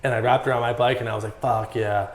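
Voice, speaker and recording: A man telling stories in a casual podcast interview, animated and full of swearing and "like"s. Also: medium pitch, very fast. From Massachusetts. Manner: profane, animated storytelling with many "like"s. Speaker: guest, former pro BMX rider. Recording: echoey room.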